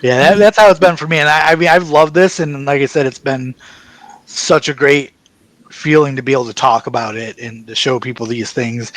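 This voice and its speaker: A man guest chatting in an interview, telling stories in an excited, rambling way and acting out the back-and-forth of conversations. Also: mid-range voice, fairly quick, dry recording, poor audio. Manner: excited, rambling storyteller, acts out quoted exchanges. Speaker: actor guest. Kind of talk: casual interview chat.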